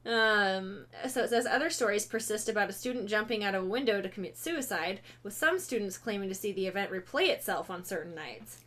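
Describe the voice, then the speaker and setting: A woman of ordinary pitch hosts a relaxed podcast chat. She reads ghost lore aloud in an easygoing way, stumbling over words, correcting herself and scattering ums through the text. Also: fairly quick, few pauses. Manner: reads aloud with many fillers and self-corrections, breaks off to laugh and joke. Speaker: podcast host. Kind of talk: casual chat, reading ghost stories aloud.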